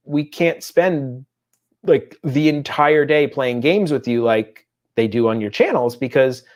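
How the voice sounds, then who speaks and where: Playful, laughing male podcast co-host. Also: medium pitch. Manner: playful, laughs easily, acts out quotes in silly voices. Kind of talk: casual podcast chat.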